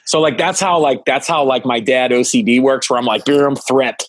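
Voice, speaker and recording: Animated rambling comedian man. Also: medium pitch, a little fast. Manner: animated, rambling, many restarts. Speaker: guest, stand-up comedian. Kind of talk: casual podcast chat.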